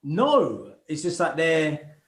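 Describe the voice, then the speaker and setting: A man's voice: on the high side, slow pace. Man with a roomy echo. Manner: animated storyteller, acts out other people's voices; heavy street slang. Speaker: podcast guest, DJ and presenter. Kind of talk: casual podcast chat.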